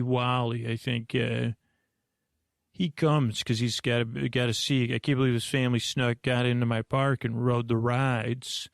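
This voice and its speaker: Flat, gravelly man rambling at bedtime. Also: mid-range voice, no room sound, studio quality. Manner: meandering, full of fillers and restarts. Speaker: host. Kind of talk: rambling bedtime movie recap.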